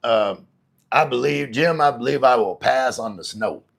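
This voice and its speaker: A man's voice: mid-range voice, normal speed, vocal fry. A middle-aged man chatting casually on a live stream, reading viewers' messages aloud and answering them. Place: home in the Philippines.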